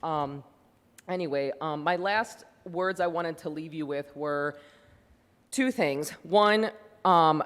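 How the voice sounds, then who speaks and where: Picture a presenter at a campus event, talking to a small audience in a relaxed, chatty way, with plenty of ums along the way. The voice sits at a middling pitch. A long reverb hangs on every word, as in a big hall. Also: takes it slowly. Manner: conversational, chatty, many fillers. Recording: long reverb of a large room.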